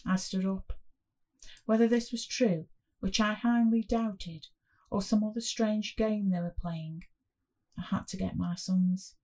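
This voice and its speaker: Slow, husky woman narrating a story. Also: mid-range voice, fairly even intonation, mellow. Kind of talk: first-person story narration.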